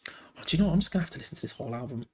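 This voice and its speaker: A man's voice: medium pitch, animated, racing, breathy edge. A tired man hosting a live fan watch-along, switching between match commentary and rambling, frank asides.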